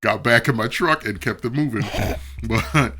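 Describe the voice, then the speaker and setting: Laid-back man with a bright voice. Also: mid-range voice, measured pace. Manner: blunt, laid-back, chuckling. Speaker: podcast co-host. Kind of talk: casual storytelling chat.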